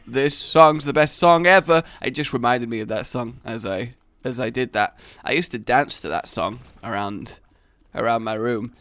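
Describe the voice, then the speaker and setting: A man's voice: mid-range voice, moderate pace, dry recording. A young man giving exasperated, rambling let's play commentary into a close mic. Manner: animated, exasperated rambling with outbursts. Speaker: gaming YouTuber.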